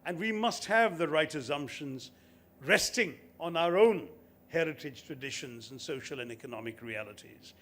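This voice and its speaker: A man's voice: fairly high pitch, expressive, moderate pace, fairly bright tone. Eloquent man giving a speech. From India. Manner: eloquent, rhetorical, lists with emphasis. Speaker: convocation speaker. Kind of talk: formal ceremonial speech.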